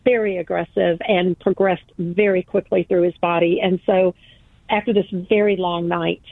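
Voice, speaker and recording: This woman's voice is fairly low and gravelly, with a flat delivery at normal speed. As a guest author on a phone interview, she earnestly and emphatically tells a personal story, repeating phrases for weight. The phone line is tinny and dry, with no room sound.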